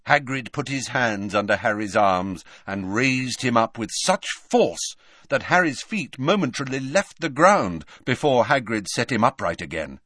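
Expressive, bright-voiced male narrator. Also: medium pitch, normal speed, dry recording, clean studio sound. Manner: expressive storytelling. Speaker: audiobook narrator. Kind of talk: scripted narration.

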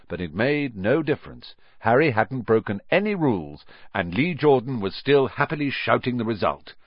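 A man narrating a storybook in a highly expressive way, with a dull, dry recording. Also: normal speed, no room sound. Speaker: audiobook narrator.

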